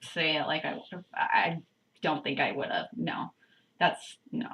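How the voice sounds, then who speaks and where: A woman's voice: low voice, animated, slow, fairly bright tone, slight background noise, poor audio. A woman vlogger reading a book aloud, breaking off with chatty, giggly asides. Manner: chatty, self-interrupting, giggly. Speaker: channel host.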